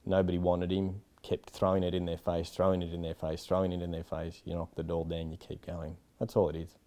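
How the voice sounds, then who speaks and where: Low-voiced Australian man, frank and rambling. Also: little pitch movement, a little fast, warm tone. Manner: rambling, frank, lots of "you know". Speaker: film director. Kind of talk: candid interview answers.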